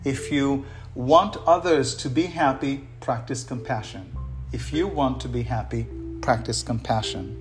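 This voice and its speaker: A man's voice: mid-range voice, a little slow, faint music behind. Earnest man hosting a leadership podcast. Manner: earnest, encouraging, repeats key words. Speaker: podcast host. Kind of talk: solo podcast monologue.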